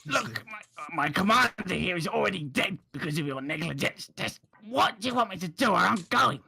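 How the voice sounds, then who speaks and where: A man's voice: high-pitched, animated, a little fast, vocal fry, pushed and bright, pitched above the performer's own voice, exaggerated voice. A man voicing a captive male evil creature who whines defensively and complains in disbelief. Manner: incredulous, whiny complaining.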